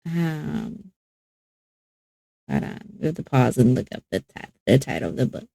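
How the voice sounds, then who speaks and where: A woman's voice: rumbling low, lively intonation, moderate pace, vocal fry, warm tone, dry recording. A woman casually commenting while playing a game, musing aloud about what she sees. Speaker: gameplay streamer. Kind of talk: casual let's-play commentary.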